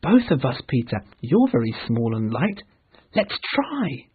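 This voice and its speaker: A man's voice: mid-range voice, very animated, a little slow, husky, phone-quality sound, heavily acted. Man doing a frightened young storybook girl. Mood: worried. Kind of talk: storybook reading for learners.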